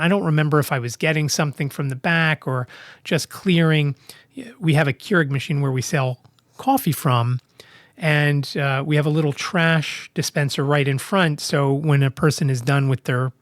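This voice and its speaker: A man's voice: on the high side, no room sound, studio quality. A man hosting his own podcast, telling a story in a casual monologue and acting out both sides of the dialogue. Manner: animated when quoting dialogue, frequent restarts. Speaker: podcast host.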